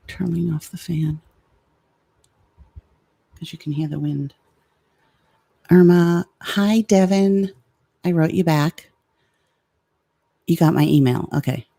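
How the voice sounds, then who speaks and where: A woman's voice: on the low side, gravelly, warm tone. A woman vlogging casually at home, chatty and sarcastic, swearing when something frustrates her. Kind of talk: casual vlog chat. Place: home room with a fan.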